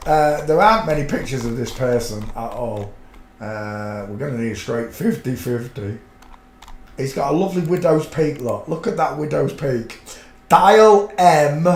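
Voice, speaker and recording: A middle-aged man from a fishing town, hosting a livestream and telling rambling, colloquial anecdotes in casual chat. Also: mid-range voice. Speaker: livestream host. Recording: roomy echo.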